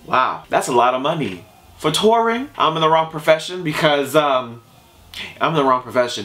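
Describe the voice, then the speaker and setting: A young man in a casual reaction vlog, talking straight to his viewers in an animated, slangy way. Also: medium pitch, normal speed. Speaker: YouTube music reactor.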